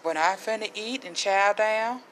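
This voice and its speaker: A woman's voice: mid-range voice, a little slow, a little hiss or hum, low-quality recording. A middle-aged woman vlogger chatting casually to camera as she shows her food haul, with faith-filled asides.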